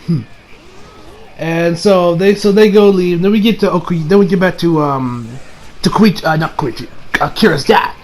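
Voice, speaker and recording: A man's voice: sits high, moderate pace, rough recording. A man giving a casual recap of an anime episode. He rambles and keeps correcting himself. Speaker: anime reviewer.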